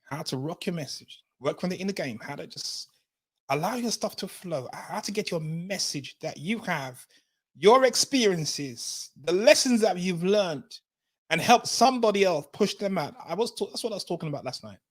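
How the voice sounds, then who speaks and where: A man hosting a live-streamed motivational talk show, energetic and repeating key phrases for emphasis, laughing often as he talks. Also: high-pitched, normal speed. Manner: laughs often while talking.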